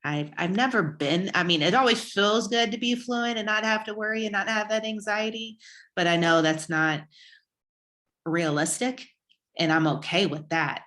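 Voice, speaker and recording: A woman's voice: medium pitch, fairly even intonation, moderate pace, pushed and bright. A woman who stutters, a guest on a podcast, talking openly and reflectively about herself. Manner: stutters, with repeated words. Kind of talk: casual podcast conversation.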